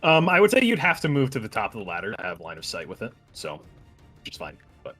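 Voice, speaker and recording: A man acts as game master for a tabletop game, describing gore and turns with a lively, laughing delivery. His voice is bright and very expressive in pitch. Soft music plays underneath. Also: fast.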